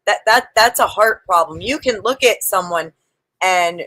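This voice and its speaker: A woman's voice: mid-range voice, measured pace, bright, forceful tone, no echo, poor audio. A woman on a livestream panel, arguing religion firmly, quoting scripture and swearing now and then. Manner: firm, quotes scripture, swears. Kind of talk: casual religious debate on a livestream.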